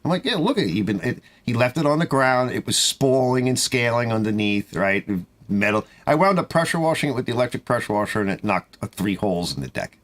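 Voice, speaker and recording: A middle-aged man rambles through complaints about customers, his mid-pitched voice swinging up and down a great deal. He talks casually from his repair garage, exasperated and chatty. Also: lively intonation, a little fast, hardly any pauses, a bit bright. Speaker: small-engine repair shop owner. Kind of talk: casual monologue to camera.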